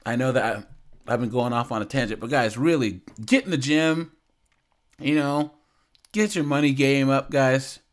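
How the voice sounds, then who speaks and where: A man's voice: mid-range voice, fairly even intonation, normal speed. A young man hosting a casual reaction commentary, amused and incredulous, often laughing as he reads out chat logs. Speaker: commentary channel host.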